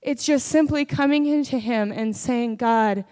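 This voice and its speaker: A woman delivers a sermon in a high voice. She speaks earnestly, mixing scripture with her own testimony. At times she rises into fervent prayer. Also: normal speed, dark tone. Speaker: preacher.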